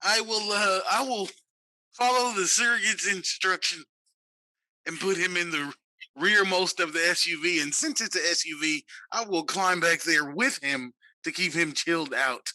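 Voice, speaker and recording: A man's voice: sits high, normal speed, pushed and bright, dry recording, poor audio. A man playing a tabletop game, joking and declaring his character's actions. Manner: joking, often laughing. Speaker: player. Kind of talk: tabletop play chat.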